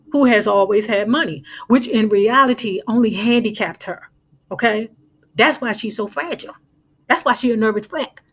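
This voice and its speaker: A woman retelling a novel in a casual storytelling recap, chatty, with sassy asides to the listener. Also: a little high. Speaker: book recap host.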